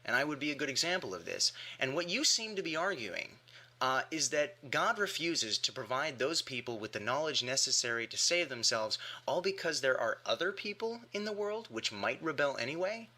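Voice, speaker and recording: A man's voice: mid-range voice, sing-song, normal speed, pushed and bright. A man delivering an argumentative rebuttal monologue with emphatic rhetorical questions. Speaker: atheist commentator.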